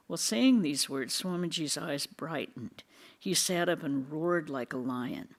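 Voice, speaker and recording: A reader going through a devotional book with a study group. The voice sits in a middle range and the reading stays measured and unhurried. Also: medium pitch.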